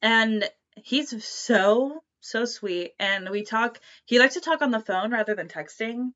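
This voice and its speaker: A woman's voice: a little high, expressive, measured pace, a bit bright, lo-fi sound. A young woman co-hosting a podcast, chatting casually and giggling as she retells her conversations. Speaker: podcast co-host. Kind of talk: casual chat.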